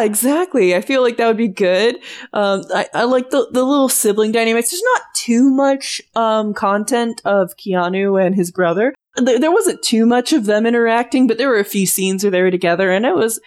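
A young woman in easygoing podcast chat. She talks loosely, packs in fillers, and swears without a second thought. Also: mid-range voice. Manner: chatty, swears freely, many "like" fillers. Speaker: podcast co-host. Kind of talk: casual chat.

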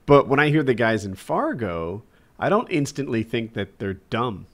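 A man chatting casually who tells stories in an animated, mocking way. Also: mid-range voice, normal speed. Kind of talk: casual chat.

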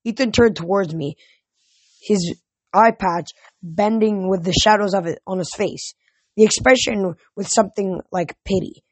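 A woman reading a novel aloud in a steady, measured way. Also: medium pitch, dry recording. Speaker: reader.

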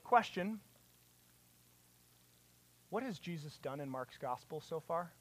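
A preacher delivering a sermon with passion, asking rhetorical questions and building to loud, emphatic peaks. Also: mid-range voice, animated, takes it slowly.

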